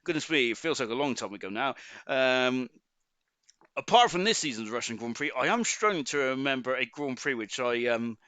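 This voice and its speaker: A man with a Forest of Dean accent, chatting halting and full of ums as he commentates a sim racing league stream and reads out the chat. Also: mid-range voice, expressive, pushed and bright, clean tone, no echo. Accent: Forest of Dean (Gloucestershire) English. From Forest of Dean, England. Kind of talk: live stream race commentary, reading chat.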